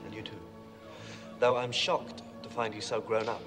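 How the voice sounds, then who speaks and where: An actor playing an old family friend with a dry, wry manner. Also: male voice, medium pitch, little pitch movement, moderate pace, close to an everyday voice. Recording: reverberant with music score.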